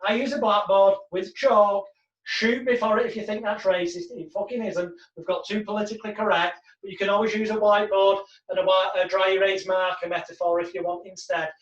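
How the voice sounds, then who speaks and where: A man teaching a hypnotherapy course. He talks bluntly and swears, then slips into slow, soothing hypnotic patter to demonstrate. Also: sits high, fairly bright tone. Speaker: hypnosis instructor. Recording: echoey, distant, dull lo-fi sound.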